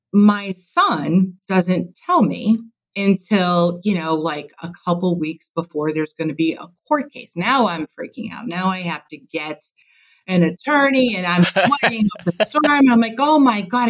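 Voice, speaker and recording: A woman in her fifties from Chicago, a guest on an interview podcast, telling stories in a lively way and acting out the voices she quotes. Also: on the low side, measured pace, low-quality recording. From Chicago, USA. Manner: lively storyteller who acts out quoted voices. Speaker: podcast guest, construction executive. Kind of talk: casual interview chat.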